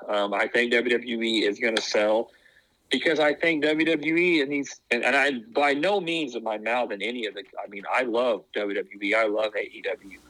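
A man's voice: medium pitch, moderate pace, pushed and bright, rough recording. A man chatting casually as a podcast co-host, rambling with lots of fillers and restarts. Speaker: podcast co-host, former wrestling tryout. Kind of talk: casual chat.

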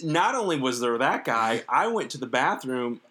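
A man co-hosting a podcast, chiming in with quick agreement and telling anecdotes in casual chat. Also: medium pitch, big pitch swings, bright, forceful tone. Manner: chatty backchannel, anecdotal storytelling.

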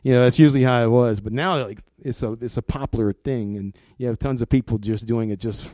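A man's voice: mid-range voice, a little fast, dark tone, dry recording. A middle-aged man, a comics art director, talking casually in an interview, rambling and repeating words, laughing often.

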